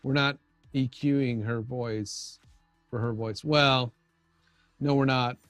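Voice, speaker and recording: A man's voice: medium pitch, steady tone, slow pace, a bit bright, clean tone, no room sound, soft background music. A man hosting a casual livestream, chatting loosely with viewers while he tweaks his audio setup, often restarting his sentences. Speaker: livestream host. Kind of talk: casual live-stream chat.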